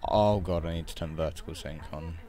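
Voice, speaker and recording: A man's voice: sits low, a little fast, warm tone. A man, talking casually and rambling through asides while commenting on a video game. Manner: rambling, chatty asides, mild grumbling. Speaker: let's play commentator.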